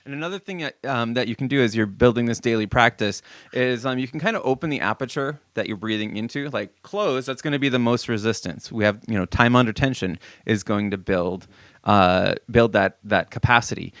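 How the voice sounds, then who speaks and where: A man leading a casual singing lesson, relaxed and full of ums and restarts as he explains breathing and warm-ups. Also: medium pitch, fairly quick, no room sound. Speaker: vocal coach.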